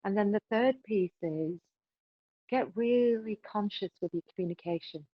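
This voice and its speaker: A woman talks through relationship advice as a podcast guest, driving her points home and tagging many of them with "right?". Her voice sits at an everyday middle pitch. The sound is muffled and lo-fi, with no room echo at all. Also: normal speed. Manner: emphatic, keeps adding "right?".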